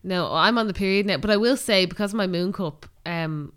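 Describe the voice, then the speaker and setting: Young woman cohosting a podcast, clear smooth voice, chatty and open. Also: mid-range voice, fairly bright tone. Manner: candid, chatty, quick to react. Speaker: podcast co-host. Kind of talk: casual chat.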